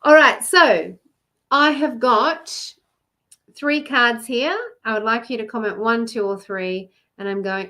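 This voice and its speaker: A woman with an Australian accent runs a live card reading about love, chatting with viewers and greeting them by name. Her voice sits a little high and has a bright, forward edge. She laughs easily and talks warmly to the people who are watching. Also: takes it slowly. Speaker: love coach and card reader.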